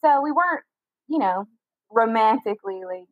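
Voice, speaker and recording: A young woman telling a personal story in a casual interview, talking quickly with lots of "like" fillers. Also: fairly high pitch, animated, no room sound, narrow, tinny audio. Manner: fast chatty storytelling with many "like" fillers. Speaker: guest telling her story.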